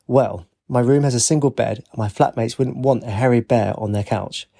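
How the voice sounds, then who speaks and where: A man's voice: medium pitch, normal speed, gravelly, dark tone. A man voicing a tired young woman student in an audiobook, teasing and lightly sarcastic.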